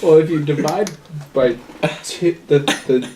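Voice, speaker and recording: A man's voice: a little high, takes it slowly, noisy background. A man co-hosting a casual podcast, chatty and laughing along. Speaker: podcast co-host.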